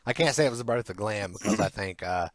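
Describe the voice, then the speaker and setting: A man's voice: fairly low pitch, fast. A man co-hosting a casual rock podcast, joking and teasing. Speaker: podcast co-host.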